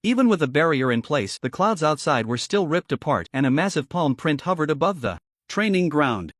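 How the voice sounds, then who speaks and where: Animated male story narrator, dry sound. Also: a little high, moderate pace, no echo.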